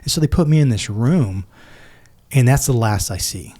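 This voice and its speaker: A man's voice: medium pitch, lively intonation, moderate pace, warm tone. A man in his forties, a military veteran and podcast guest, earnestly retelling a personal story and acting out both sides of each conversation.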